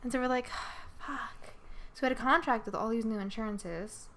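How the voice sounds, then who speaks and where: A woman with a fairly high, somewhat bright voice talks fast as she hosts a podcast. In casual chat, she tells long, meandering stories packed with swearing and acted-out quotes.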